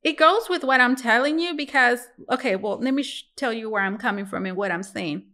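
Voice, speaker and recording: A woman's voice: on the high side, fairly quick, sharp tone. A woman reading tarot cards for her viewers in a casual, musing way, talking to them as guys. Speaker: tarot reader.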